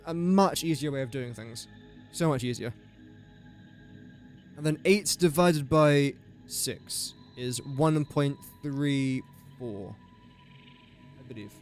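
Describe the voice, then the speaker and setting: A man's voice: medium pitch, slow pace, long pauses, soft background music. A man chatting on a game live stream, thinking aloud through sums and joking with viewers. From England. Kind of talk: casual live-stream chat.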